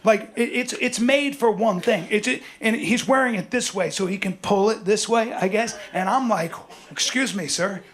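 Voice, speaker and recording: A middle-aged man performing a stand-up comedy set, rambling through stories with animated acted-out bits. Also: sits high, normal speed, few pauses. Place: comedy stage. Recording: live stage recording with audience noise.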